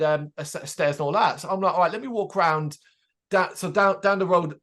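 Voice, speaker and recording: A man talks at a quick clip in a fairly high voice as he co-hosts a casual chat. He tells his story with energy, acting out the people in it and swearing freely along the way. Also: a bit bright. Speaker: podcast co-host.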